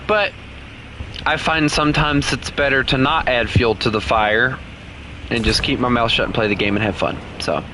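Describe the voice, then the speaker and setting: A man's voice: mid-range voice, normal speed. A man casually commenting on his own gameplay while streaming, chatty and laughing often as he talks to himself. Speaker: gaming streamer. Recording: noisy game audio underneath.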